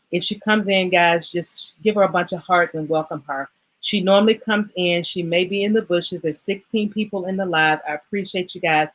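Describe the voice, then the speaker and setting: A woman's voice: fairly low pitch, poor audio. Emotional woman hosting a livestream. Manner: emotional, rambling, apologetic. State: choked up. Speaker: livestream host. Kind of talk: casual livestream talk.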